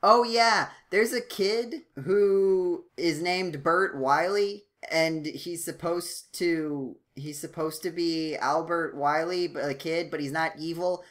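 A man co-hosting a casual podcast, rambling with many restarts and fillers, his voice jumping up when he gets excited. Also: takes it slowly, hardly any pauses. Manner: animated, jumps up in pitch when excited. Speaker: podcast co-host.

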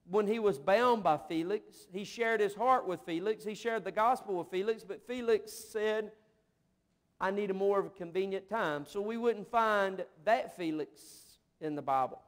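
A man delivering an emotive, story-driven sermon in a church as a missionary pastor. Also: high-pitched. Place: church sanctuary.

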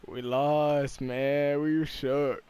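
A young man, the host, chatting casually while gaming, swearing, laughing and yelling sudden high-pitched shouts. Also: level tone, very slow, clear, resonant tone, highs cut off.

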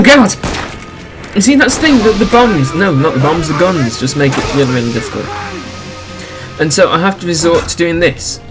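A man's voice: mid-range voice, a bit bright. A young man giving casual, sarcastic commentary while playing a video game, ranting about its flaws. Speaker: gaming YouTuber.

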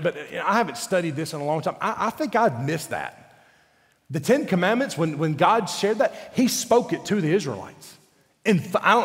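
A pastor preaching to his church in a high, bright-pitched voice, earnest and pleading, then pressing hard on key words. His voice rings out with a long reverb through the church hall. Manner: earnest, pleading, rises to forceful emphasis. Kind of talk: sermon. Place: church sanctuary.

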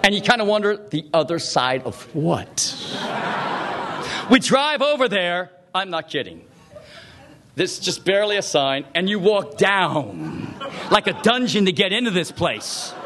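Middle-aged male preacher, high voice, swoops a lot, lively storyteller. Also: measured pace, crowd noise. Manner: animated anecdotes with acted quotes. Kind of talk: storytelling sermon.

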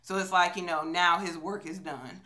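Bright-voiced woman vlogging a movie review. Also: on the low side, fairly even intonation, normal speed. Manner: chatty, storytelling, many fillers. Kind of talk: casual movie review vlog. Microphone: phone on a selfie stick.

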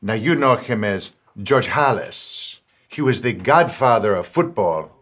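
A man's voice: lowish voice, expressive, a little slow, fairly bright tone. An actor playing a proud, boastful family man in a film comedy, telling a story in a playful, bragging way. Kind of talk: film drama dialogue.

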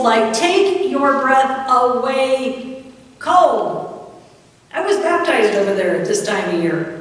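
Woman preaching in an echoey hall. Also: a little high. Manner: animated storytelling with dramatic drops to a hush. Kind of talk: sermon. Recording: echoey hall, far from the mic.

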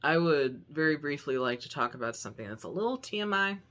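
A man's voice: on the high side, lively intonation, quick pace, pushed and bright. A young man chatting casually to camera at home for his vlog, upbeat and rambling, with lots of fillers. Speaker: vlogger. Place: home room.

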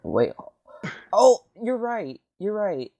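A man's voice: high voice, wildly swooping pitch, takes it slowly, gravelly, dark tone. A young man co-hosting a casual podcast, blunt and dryly teasing. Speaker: podcast co-host.

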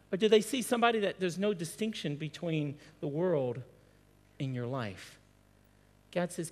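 A man's voice: fairly high pitch, animated, normal speed, a little mellow. A male pastor preaching a sermon, firing off strings of rhetorical questions and stumbling over restarts as he presses his point. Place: church hall. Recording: long hall reverb.

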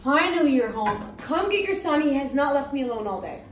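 A woman's voice: sits high, lively intonation, brisk. A woman voicing a fed-up, bossy mother cat in an exasperated, complaining manner. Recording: echoey room, distant mic, clear hiss.

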